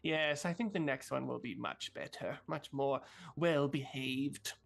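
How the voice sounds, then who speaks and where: A man voicing an eerie old female witch who speaks slowly and quietly in a low murmur. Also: creaky. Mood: menacing. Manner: slow, low, murmuring delivery.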